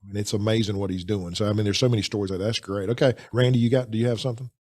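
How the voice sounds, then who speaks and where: A man with a fairly low voice hosts a relaxed podcast conversation. He talks in an animated, chatty way and often restarts his sentences. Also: rapid-fire. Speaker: podcast host. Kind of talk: casual podcast chat.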